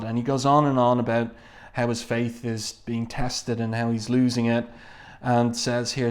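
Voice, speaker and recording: A man's voice: medium pitch, little pitch movement, moderate pace. A man casually reviewing a comic book, reading panels aloud and chatting about them, with lots of "uh" and "um" along the way. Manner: conversational, many fillers, reads quoted lines plainly.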